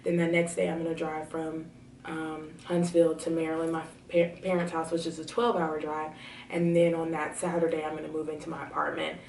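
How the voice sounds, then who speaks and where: A young woman telling a personal story to her camera at home, chatty with many fillers and excitement. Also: low voice, brisk, vocal fry, a little hiss or hum. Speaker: vlogger. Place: home room. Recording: roomy, slightly distant camera audio.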